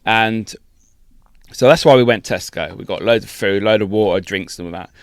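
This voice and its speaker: A man co-hosting a podcast, telling a travel story in a sweary, laughing, animated way. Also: fairly low pitch, normal speed, dry recording, studio quality. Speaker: podcast co-host. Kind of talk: casual storytelling chat.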